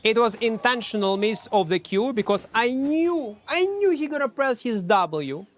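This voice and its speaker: Brief: male game streamer, high voice, chatty and self-mocking, non-native English. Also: expressive, moderate pace, a little hiss or hum. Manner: self-mocking, talks to chat, hums between plays. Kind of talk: casual live-stream chat while playing.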